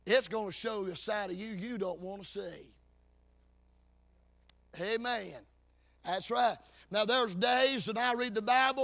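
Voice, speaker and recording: A man preaching a fervent sermon, his lines rising into half-sung, shouted peaks. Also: high voice, measured pace.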